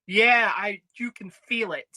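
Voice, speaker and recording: A woman co-hosting a casual podcast chat who tells animated stories and acts out the voices of people in them. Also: mid-range voice, unhurried, no echo. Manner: animated, acts out quoted voices, laughs easily. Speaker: podcast co-host.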